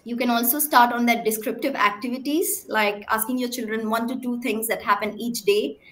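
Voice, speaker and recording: A woman's voice: a little high, steady tone, brisk, fairly bright tone. A woman speech therapist giving an emphatic talk to parents, often checking in with "right?" and asking the audience questions. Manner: clear, emphatic teaching with frequent "right?" check-ins.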